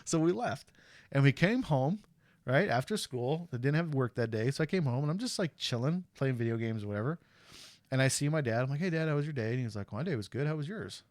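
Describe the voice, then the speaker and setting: Animated storytelling man, dry close mic. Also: mid-range voice, quick pace, no echo. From USA. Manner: animated storyteller who acts out quotes. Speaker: stream host. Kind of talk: casual storytelling.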